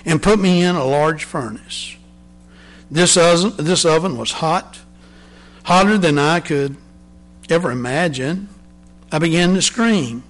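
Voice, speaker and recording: A male preacher reads a parable aloud at an unhurried, deliberate pace. His voice sits a little higher than most men's and often sinks into soft, quiet phrases. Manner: slow, deliberate, drops to a soft low voice.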